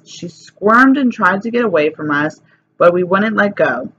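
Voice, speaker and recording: A woman reading a children's chapter book aloud in a lively, plain storytelling way. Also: medium pitch, measured pace. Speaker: reader. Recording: slightly dull recording, faint hiss.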